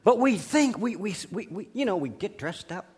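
A man's voice: high-pitched, expressive, normal speed, darkish tone, husky. A man preaching a sermon as pastor, emphatic and telling anecdotes with a chuckle. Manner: preachy, emphatic delivery with rising and falling volume.

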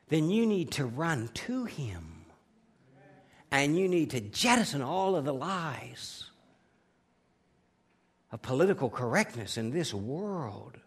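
A man's voice: on the high side, big pitch swings, takes it slowly, pauses often, husky. A man preaching a sermon as pastor, emphatic and telling anecdotes with a chuckle. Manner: preachy, emphatic delivery with rising and falling volume.

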